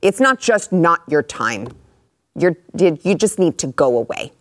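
A woman hosting a political talk show, chatting casually with a sarcastic, animated edge. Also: on the low side, unhurried, no echo. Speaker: show host.

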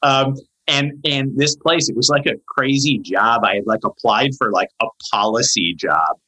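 A man in his forties, a psychologist guest on a podcast, telling a long story in a lively, chatty way with lots of fillers. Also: mid-range voice, moderate pace, low-quality recording. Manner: animated storyteller, many "like" fillers.

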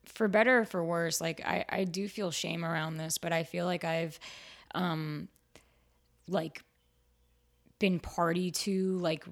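A woman actor and writer talking frankly in a casual interview, full of "like" fillers, her voice jumping high whenever she quotes herself. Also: gravelly. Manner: chatty and frank, fillers like "like", jumps high when quoting herself. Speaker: actor and writer, podcast guest.

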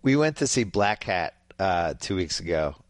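A man hosting a podcast in casual chat, offhand and wry, talking in quick bursts. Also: low-pitched, big pitch swings, dry recording. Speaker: podcast host.

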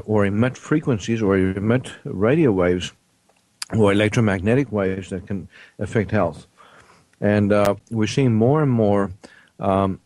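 A man hosting a casual radio health talk show from a studio, halting often with ums and uhs. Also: fairly low pitch, a little mellow, no room sound.

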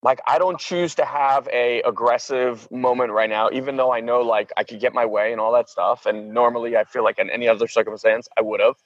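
A man in his thirties telling a story in a casual chat, animated, acting out quoted voices and saying "like" constantly. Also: medium pitch, a little fast, hardly any pauses, dry recording, muffled recording. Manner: filler-heavy, says "like" a lot.

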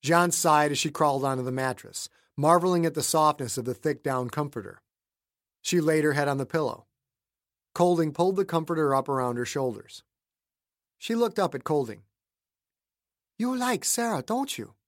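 A man narrating a novel as an audiobook in an even, measured storytelling voice. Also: a little high, no echo, studio quality. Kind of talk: scripted narration.

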